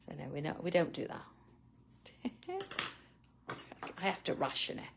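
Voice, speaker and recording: A woman's voice: on the low side, wildly swooping pitch, takes it slowly, creaky, noisy background. A middle-aged woman hosting a live drawing tutorial, chatting casually with viewers by name and laughing often. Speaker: art tutorial host.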